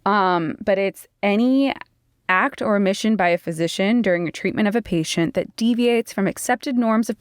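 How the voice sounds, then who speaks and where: A woman co-hosts a podcast in an easy, chatty way, walking listeners through legal ideas step by step. Her voice sits at a middle pitch, and the recording is dry and close with no room sound. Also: no echo. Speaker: podcast co-host. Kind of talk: casual chat and legal explainer.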